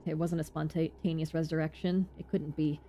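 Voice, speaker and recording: A woman's voice: sits low, little pitch movement, moderate pace, dark tone, a little hiss or hum, close to an everyday voice. Brief: precise, lecturing young medic, read by a woman streamer. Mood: dry.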